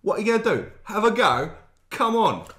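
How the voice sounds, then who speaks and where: A man's voice: sits high, big pitch swings, a little fast, fairly bright tone. Brash swearing young man, echoey room. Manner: brash, swears a lot in a mock tough-guy way. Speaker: podcast co-host. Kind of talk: casual chat in a put-on New York accent.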